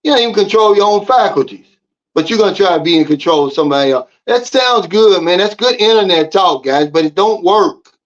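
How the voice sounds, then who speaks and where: A man from the United States delivers a casual vlog monologue, lecturing his viewers with emphatic, preachy advice. His voice sits high for a man. The audio is a little dull and lo-fi. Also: animated, a little fast. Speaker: vlogger.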